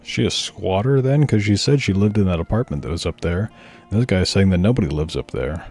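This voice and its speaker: A man's voice: low-pitched, lively intonation, a little fast, darkish tone. A man giving blunt, opinionated commentary on a stream and swearing freely. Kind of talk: casual commentary over footage.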